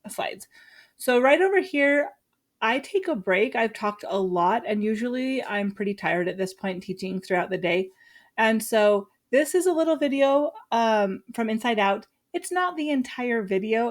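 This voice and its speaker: A woman in her thirties, a drama teacher, chatting through her lesson plans from home, often stopping herself and laughing at her own slips. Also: medium pitch. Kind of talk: walkthrough of a teaching unit.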